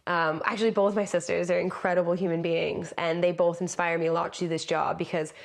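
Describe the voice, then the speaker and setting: Woman, chatty animated storyteller. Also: lowish voice, brisk, creaky. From United States. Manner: animated storyteller who acts out quotes. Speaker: podcast guest, lived experience practitioner. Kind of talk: conversational interview.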